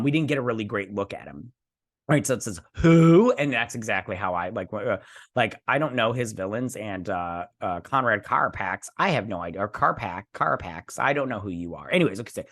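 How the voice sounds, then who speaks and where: A man's voice: medium pitch, a bit bright. A man hosting a casual weekly geek news recap, chatty and rambling, tripping over names. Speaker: host.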